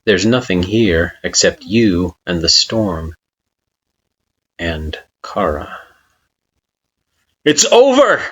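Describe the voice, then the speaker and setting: Deep, slow, expressive male storyteller. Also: slightly rough, dull audio. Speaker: story reader. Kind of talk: dramatic fan-fiction reading.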